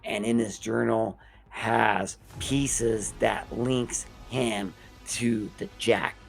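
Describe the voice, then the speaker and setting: A man's voice: lowish voice, fairly even intonation, extremely slow, creaky, soft background music. A man hosting a horror review show, recapping an episode in a casual, profane storytelling way.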